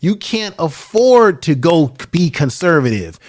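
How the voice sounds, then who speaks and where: A man's voice: fairly high pitch, sing-song, measured pace, a little mellow. A man who is a little tired, a guest on a live stream, giving earnest advice about building a channel. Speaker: guest YouTuber. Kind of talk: casual live stream chat.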